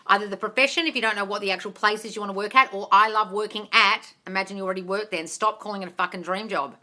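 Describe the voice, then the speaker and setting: A manifestation coach is livestreaming from her phone, reading viewers' comments aloud and answering them in a Q&A chat. She's blunt, swears freely, and calls everyone darling. Her voice is medium-pitched with fairly even intonation, very fast and sharp in tone.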